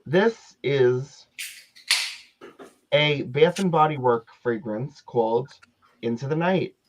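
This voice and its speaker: A man's voice: medium pitch, takes it slowly, background noise. A man co-hosting a casual chat, telling a story in a giggly, exaggerated way. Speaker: co-host. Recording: dull lo-fi sound.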